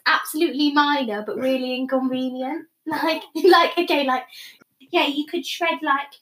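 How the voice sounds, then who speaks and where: A woman's voice: high voice, fairly even intonation, moderate pace, a bit bright, echoey room. A young woman co-hosting a casual chat podcast, rambling and giggling. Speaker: podcast co-host.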